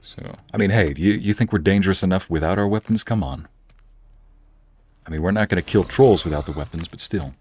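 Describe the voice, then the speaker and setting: Low-voiced laid-back male streamer. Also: fairly quick, a little mellow, slightly rough, no room sound. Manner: laid-back, chatty, laughs often. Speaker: streamer and narrator. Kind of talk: casual gameplay commentary.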